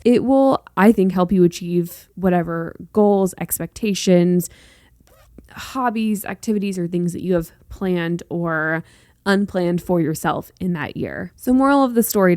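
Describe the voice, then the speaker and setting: A woman's voice: on the low side, dark tone, no echo, clean studio sound. A young woman from North Carolina hosting a solo podcast in a chatty, rambling way, with playful sassy asides. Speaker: podcast host. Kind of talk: casual solo podcast chat.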